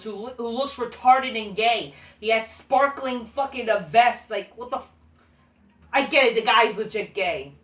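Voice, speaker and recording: A woman's voice: a little high, a bit bright. A woman reviewing wrestling shows in a profane, scornful, dismissive casual rant. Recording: echoey room, distant mic.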